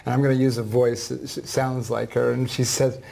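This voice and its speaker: A man's voice: medium pitch, fairly quick, gravelly. A man, a reading teacher on a talk show, telling an emotional story and acting out the dialogue. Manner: animated storyteller, acts out dialogue; emotional, soft-hearted.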